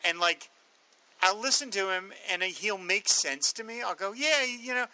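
A man co-hosting a casual comics podcast, speaking haltingly with many fillers and reading entries aloud. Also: high-pitched, sharp tone, rough recording. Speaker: podcast co-host.

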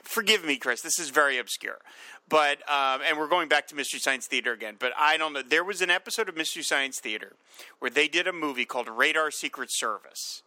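Male co-host, casual rambling chat, bright voice, slightly high. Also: brisk, dry recording. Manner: rambling, amused, restarts often. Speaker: podcast co-host.

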